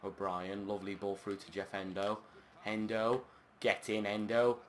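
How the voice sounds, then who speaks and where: A man commentating his own football video game match, chatting along and breaking into shouted, sweary outbursts at the play. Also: lowish voice, level tone, a little slow. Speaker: gaming channel host.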